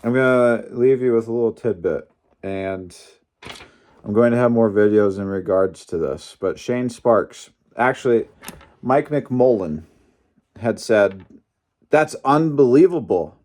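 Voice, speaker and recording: A young man recapping a wrestling tournament in a casual vlog, animated and opinionated, with some mild swearing. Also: lowish voice, unhurried. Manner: animated, opinionated, mildly profane. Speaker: wrestling fan commentator.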